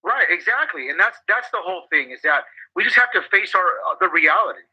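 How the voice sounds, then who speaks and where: A man's voice: high voice, lively intonation, a little fast, sharp tone, slightly rough, highs cut off. A man co-hosting a podcast, talking in a profane, emphatic way and often repeating himself as he drives a point home. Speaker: podcast co-host. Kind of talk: casual motivational chat.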